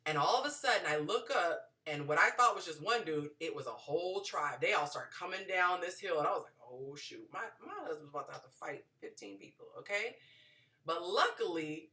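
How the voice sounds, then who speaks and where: A woman hosting a dating advice show, telling stories in an animated way and acting out the people in them. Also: fairly low pitch, distant mic. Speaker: podcast host giving dating advice. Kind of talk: casual storytelling advice.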